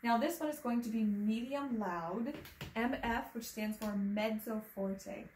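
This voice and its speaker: A woman's voice: fairly high pitch, measured pace, a little mellow. A woman teaching an online piano lesson, patiently explaining and chanting rhythm patterns and solfege. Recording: echoey room with faint ambient noise.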